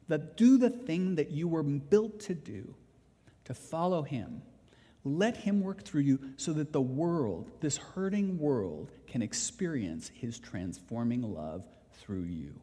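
A man's voice: a little high, mellow. A man preaching a sermon as a pastor, telling a personal story in an earnest, emphatic way. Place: church sanctuary. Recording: reverberant church hall.

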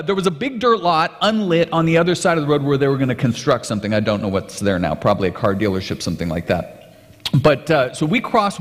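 A pastor tells a story during a sermon in a conversational, animated manner. His fairly high voice rises and falls a great deal, and he often restarts his sentences. A long reverb fills the large hall around him.

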